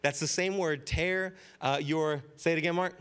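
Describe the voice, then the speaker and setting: A man's voice: on the high side, fairly even intonation, moderate pace, fairly bright tone, smooth. A man preaching a conversational sermon as pastor, joking with the congregation and repeating key phrases for emphasis. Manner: casual, joking, keeps asking "right?".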